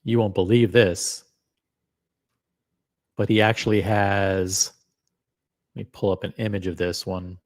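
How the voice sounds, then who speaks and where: A middle-aged man hosting a live stream, excitable and rambling, with many fillers and some swearing. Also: fairly low pitch, measured pace, long pauses. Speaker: host. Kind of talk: casual live-stream chat.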